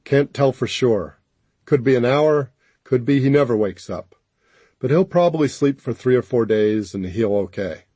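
A man reading an audiobook, voicing a practical, overworked country doctor who speaks in a calm, matter-of-fact way. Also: medium pitch, moderate pace, breathy edge, no room sound. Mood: firm.

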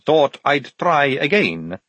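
A man voicing a sly woman vampire soldier with a dry, knowing, amused manner, pitched high. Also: big pitch swings, takes it slowly, a bit bright, no echo, exaggerated voice.

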